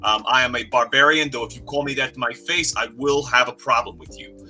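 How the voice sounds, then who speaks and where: An eager man introduces his barbarian in a sharp, tense, very bright voice. Soft music plays faintly under him. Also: medium pitch, brisk. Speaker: player.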